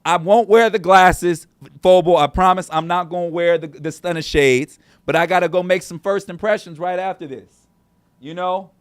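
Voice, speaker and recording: A man's voice: high-pitched, moderate pace, clear, resonant tone, no room sound. A man hosting a casual livestream show from a small studio, rambling and talking straight to the viewers in the chat. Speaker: show host.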